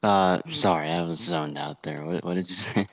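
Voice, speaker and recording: A man's voice: deep voice, normal speed, creaky, muffled recording, a crowd in the background. A laid-back man chatting dryly as co-commentator on a race broadcast. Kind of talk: casual commentary banter.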